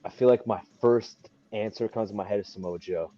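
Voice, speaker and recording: A young man, a wrestler guest, telling stories casually and animatedly, laughing often and acting out others' lines in a high voice. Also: a little fast, dark tone. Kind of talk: casual storytelling. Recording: dull lo-fi podcast audio.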